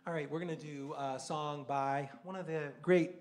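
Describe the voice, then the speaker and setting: A man with a fairly high speaking voice talks to the crowd between songs in a small live venue. His patter is loose and chatty, full of ums and likes as he introduces the next number. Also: fairly even intonation, normal speed. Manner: casual, chatty, with many fillers. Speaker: singer in a vocal quartet.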